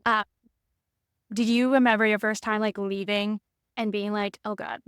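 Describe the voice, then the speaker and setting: A woman's voice: mid-range voice, level tone, normal speed, smooth, no echo, clean studio sound. A woman hosting a podcast, talking in a loose, rambling way with many restarts. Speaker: podcast host. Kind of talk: casual conversation.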